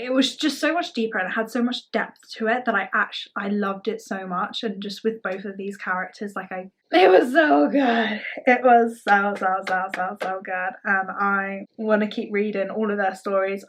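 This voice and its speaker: A woman's voice: medium pitch, a bit bright. A woman chatting casually to camera as a book vlogger, gushing and rambling with lots of "like".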